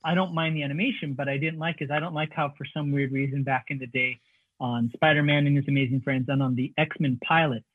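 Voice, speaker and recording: A man's voice: mid-range voice, steady tone, fast talker, breathy edge, dry recording, phone-quality sound. A man chatting casually on a comics podcast, laughing often and cutting himself off. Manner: laughs a lot, self-interrupting. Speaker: podcast panelist. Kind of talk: casual chat.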